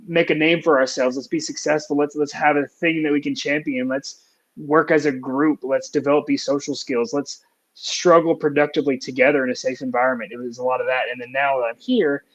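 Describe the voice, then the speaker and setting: Young male music teacher, earnest and reflective, slightly high-pitched, muffled lo-fi recording. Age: young adult. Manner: earnest, reflective, many fillers. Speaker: music teacher, podcast guest. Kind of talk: casual podcast conversation.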